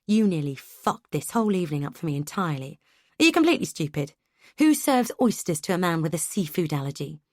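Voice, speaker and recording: A woman's voice: low voice, normal speed, creaky, husky, dry recording, clean studio sound, heavily acted. A woman voicing a cruel, controlling husband who belittles his partner with contempt. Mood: scornful.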